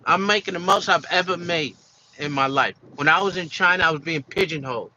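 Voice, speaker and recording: A man's voice: a little high, brisk, sharp tone, dull audio, slight background noise. A man giving an emphatic opinion monologue for his video channel, repeating his points with many fillers and restarts. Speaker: commentary vlogger.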